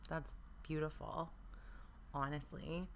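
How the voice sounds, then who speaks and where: A woman's voice: low-pitched, steady tone, slow, creaky. A woman in her thirties co-hosting a podcast, chatting casually with wry jokes and free swearing. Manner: wry, joking, swears freely. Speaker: podcast co-host. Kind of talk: casual comedic chat.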